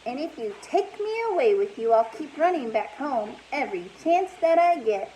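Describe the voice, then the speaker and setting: A woman's voice: high-pitched, very animated, moderate pace, warm tone, a little hiss or hum, voice pushed up, poor audio. A woman voicing a bold, no-nonsense little girl who bargains firmly. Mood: surprised, pleading. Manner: firm, bargaining.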